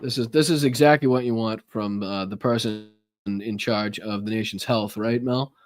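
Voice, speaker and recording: Chatty podcast host. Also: male voice, lowish voice, fairly even intonation, normal speed, a little hiss or hum. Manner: loose and chatty, swears, thanks viewers. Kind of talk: casual live-stream chat. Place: home, live stream.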